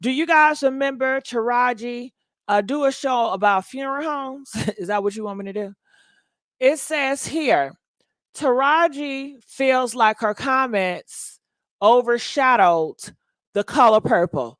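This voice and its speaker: Livestream gossip host, woman, higher voice, dry close sound, chatty and reads comments aloud. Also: a little slow, fairly bright tone, no room sound. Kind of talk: casual livestream chat.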